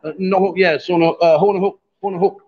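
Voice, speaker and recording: A man's voice: high voice, fairly even intonation, a little fast, lo-fi sound. A man hosting a live stream, chatting casually and teasing his guests. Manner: joking, teasing.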